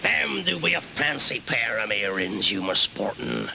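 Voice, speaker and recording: A man playing a gruff, bossy pirate captain in a comedy sketch, with a growling pirate burr. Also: lowish voice, sing-song, unhurried, over music, full character voice. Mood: blustering.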